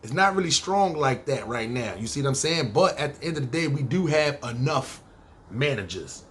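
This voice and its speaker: A man's voice: mid-range voice, lively intonation, moderate pace, slight background noise. A man with a New York accent, hosting a podcast and telling a story from his life in casual, profane street slang. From Harlem, New York. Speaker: podcast host.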